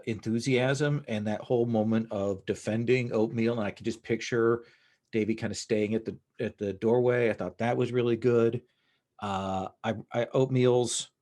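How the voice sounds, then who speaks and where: A man's voice: mid-range voice, a little mellow. A man giving hesitant, stammering feedback to fellow players after a tabletop game. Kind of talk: casual post-game feedback.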